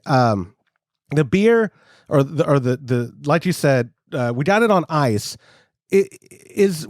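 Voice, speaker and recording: Man, podcast co-host, animated and rambling, self-mocking; dry close sound. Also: fairly high pitch, no echo. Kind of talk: casual chat.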